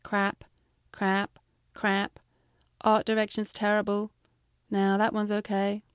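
A woman's voice: mid-range voice, monotone, slow, clean tone, no echo, studio quality, lightly acted. A woman voicing a blunt, curt male boss. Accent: British. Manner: curt, dismissive, salesy.

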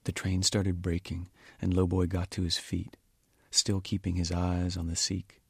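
A man reading from his novel in a measured, quiet way, at times almost whispering. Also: deep voice, completely flat delivery, husky, no room sound, studio quality. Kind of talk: audiobook-style reading.

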